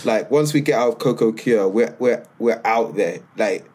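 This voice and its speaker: A man co-hosting a podcast, telling stories in a lively, slangy, casual way. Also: lowish voice, moderate pace, slight background noise. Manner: animated storytelling with slang. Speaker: podcast co-host. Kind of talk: casual chat.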